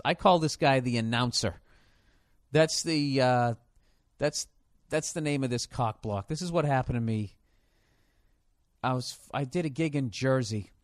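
A man hosting a podcast, telling a crude story in casual chat, cursing freely and now and then bursting into loud mock shouts. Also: medium pitch, no echo, studio quality. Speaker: podcast host.

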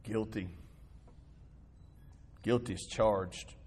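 Husky-voiced male pastor preaching. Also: on the low side, fairly even intonation, drawn-out words, darkish tone. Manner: conversational, storytelling preaching with rhetorical questions. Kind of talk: sermon.

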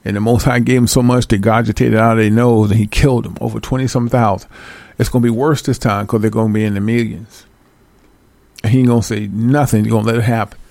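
Blunt gravelly man preaching warnings. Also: mid-range voice, level tone, fast, darkish tone, dry recording. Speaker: religious teacher addressing followers. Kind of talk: casual street-style preaching.

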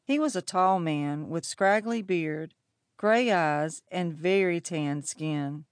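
A woman narrating a storybook in a measured, steady reading voice. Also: lowish voice, no echo, studio quality. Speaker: audiobook narrator.

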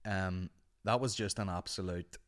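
A podcast host with a Northern Irish accent tells rambling, sweary, animated anecdotes in casual chat. His voice sits low, and he speaks a little slowly.

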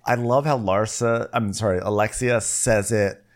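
A man's voice: lowish voice, normal speed. A man co-hosting a podcast, cracking wry jokes while recapping a reality show. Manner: wry, animated joking. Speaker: podcast co-host. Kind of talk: casual comedic recap.

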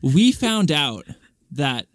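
A young man co-hosting a podcast in a playful, chatty way with quick asides. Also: a little high, sing-song, no echo, studio quality. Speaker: podcast co-host. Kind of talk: casual chat.

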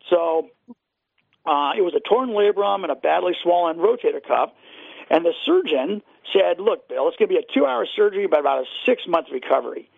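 On a casual radio interview, a fishing guide who also sells boats recounts fishing tales with enthusiasm and plenty of fillers. He has a high voice with vocal fry, no room sound, and comes through a dry, tinny phone line.

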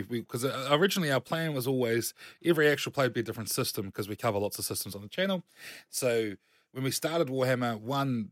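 A man's voice: on the low side, dry recording, clean studio sound. A man co-hosting a tabletop gaming podcast, chatting in an upbeat, loose way. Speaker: podcast co-host. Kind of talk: casual chat about tabletop games.

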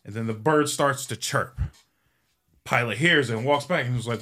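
A male host tells a long joke casually, in a bright, forward voice of middle pitch. He rambles and swears freely, and he fills his speech with ums and you-knows. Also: normal speed. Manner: rambling and profane, with frequent fillers. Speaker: show host.

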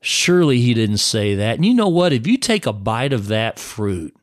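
A man voicing a smooth, wheedling male devil who coaxes a listener into temptation, in a dry close recording. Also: mid-range voice, very animated, moderate pace, no room sound, natural voice. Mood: coaxing.

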